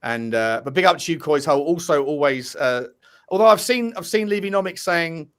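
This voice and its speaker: A man's voice: on the high side, animated, a little fast, clear, resonant tone. A man hosting a casual fan podcast, cheerfully reading out and thanking super chat donors. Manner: upbeat, shouting out donors, chatty with restarts. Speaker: host reading super chats.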